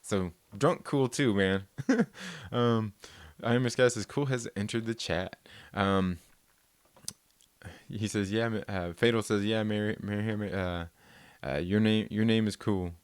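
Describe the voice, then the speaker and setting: Male streamer, 30s; easygoing rambling host reading chat, low voice, dry mic. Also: fairly even intonation, unhurried, clean tone, no echo. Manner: rambling, laid-back, laughs often. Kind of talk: casual live-stream chat, reading viewer comments.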